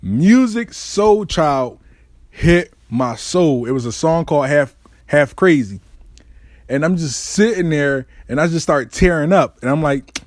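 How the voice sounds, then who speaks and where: A young man telling a comic personal story, profane and animated, acting out what people said. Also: a little high, normal speed, no echo, studio quality. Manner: animated, profane, acts out quotes.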